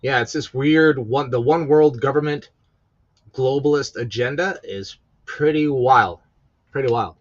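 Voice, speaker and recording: Male podcast host, mid pitch, profane rambling rant, slightly muffled lo-fi sound. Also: measured pace. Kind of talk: casual political rant. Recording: slightly dull lo-fi audio.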